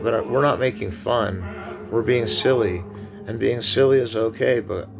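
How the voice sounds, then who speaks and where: Gravelly low-voiced man lecturing on film. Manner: meandering, with many restarts and asides. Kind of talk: rambling lecture.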